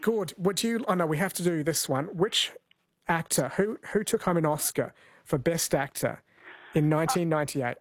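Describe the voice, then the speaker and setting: A man's voice: fairly high pitch, expressive, normal speed, no echo. A man hosting a late-night radio quiz in a friendly, chatty way, laughing easily.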